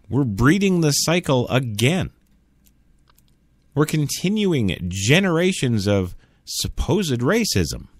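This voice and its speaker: A talk radio host speaks at a medium pitch in a dry recording with no room sound. Alone on the mic, he delivers an opinionated monologue, sparring with imaginary listeners in a blunt, sarcastic way.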